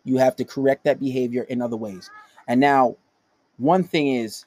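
A man's voice: mid-range voice, normal speed, a little mellow, no echo. A man hosting a casual monologue, giving dating advice in a blunt, profane, emphatic way.

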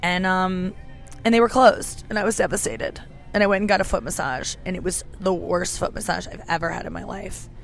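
A woman in her thirties with a sore throat talks in a lowish voice, chatty and self-mocking as she hosts a podcast alone. She swears freely and keeps it loose. Faint music plays behind her at an airport gate. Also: fairly even intonation, fairly quick, vocal fry. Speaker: podcast host. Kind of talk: casual solo podcast. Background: music playing faintly.

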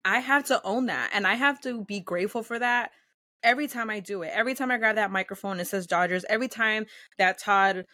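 Woman guest, casual interview chat; lively, filler-heavy delivery, close dry mic. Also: mid-range voice, fairly quick, no echo. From United States, first-generation Salvadorian. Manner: animated, chatty, many fillers, acts out quotes.

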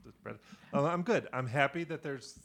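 A man's voice: fairly high pitch, normal speed, fairly bright tone. A man co-hosting a comedy podcast in a studio, laughing easily and trading wry banter. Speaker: podcast co-host. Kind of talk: casual comedy podcast chat. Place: radio studio.

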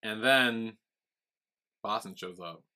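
A man's voice: on the low side, slow pace, sharp tone. A man co-hosting a casual TV recap podcast, retelling scenes step by step. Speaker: podcast co-host.

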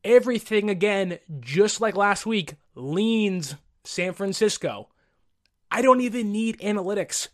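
A man's voice: sits high, lively intonation, unhurried. A man hosting a solo sports podcast with a sick voice, talking with confidence and repeating his points for emphasis.

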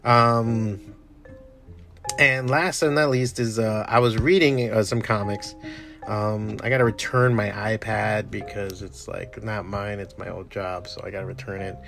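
A man chatting casually and enthusiastically about shows and comics, swearing often and trailing off into quieter mumbles. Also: lowish voice, steady tone, a little slow, gravelly, faint music behind. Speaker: comic artist streamer. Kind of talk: casual rambling chat.

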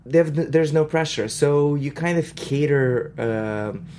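A woman with a Russian accent, a professional dancer and choreographer, chatting in an interview with lots of fillers and quick bursts. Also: low voice, a little mellow. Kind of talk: casual interview talk.

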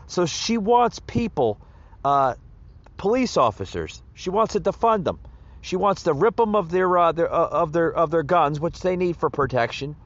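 A man's voice: fairly high pitch, animated, moderate pace. A man hosting a political commentary show, ranting heatedly and stumbling over his words with many fillers. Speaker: podcast host. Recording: dull lo-fi sound.

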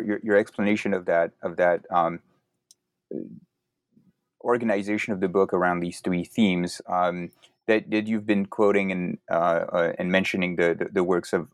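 A man interviewing authors about an academic book, talking in a halting way with many repeated words. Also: low voice, no room sound.

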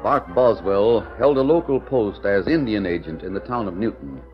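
A man's voice: on the low side, lively intonation, normal speed, over loud music. A man narrating an old-time radio western in a dramatic storytelling manner. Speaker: announcer narrator. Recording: dull lo-fi old radio recording.

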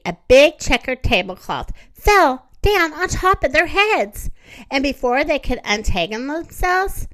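A woman reading a children's story aloud, gentle and expressive. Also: high voice.

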